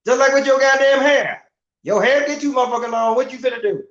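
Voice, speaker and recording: A man's voice: extremely high pitch, fast, fairly bright tone. A middle-aged man in a casual, profane rant as a livestream host, asking rhetorical questions with emphasis. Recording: roomy, dull lo-fi sound.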